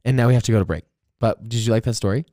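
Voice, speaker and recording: A man's voice: medium pitch, racing, dry recording, studio quality. A young man hosting a podcast, telling a rambling prank story in casual chat, full of "like" and the odd curse word. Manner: rambling, animated storyteller with many "like"s and profanity. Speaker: podcast host.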